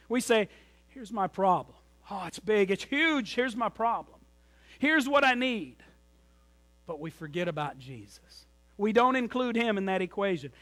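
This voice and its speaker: A man preaching a sermon in a church, telling stories and moving between strong emphasis and hushed, quiet lines. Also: sits high. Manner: storytelling preacher, rises loud then drops to near whisper. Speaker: pastor. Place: church sanctuary.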